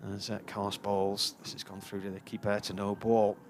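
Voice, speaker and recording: A man's voice: lowish voice, flat delivery, moderate pace, faint music behind. A man, commentating on live cricket and telling a long, chatty anecdote. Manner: chatty storyteller, puts on voices for characters in his tales.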